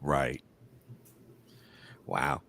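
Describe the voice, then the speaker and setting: A male talk show host speaking in a measured, affirming way, often restarting his phrases. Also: a bass voice, vocal fry, a bit bright.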